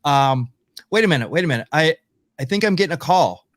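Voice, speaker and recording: A man's voice: fairly high pitch, lively intonation. A man hosting a podcast, chatting casually and stammering through his sentences. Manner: stammering, halting. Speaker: podcast host. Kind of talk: casual chat.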